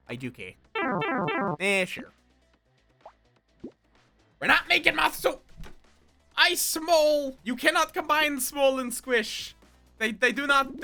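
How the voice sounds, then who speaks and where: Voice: high voice, sharp tone. A streamer in casual live-stream chat while gaming, rambling and cutting themselves off mid-thought as they talk to viewers. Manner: rambling, self-interrupting, chatty with viewers.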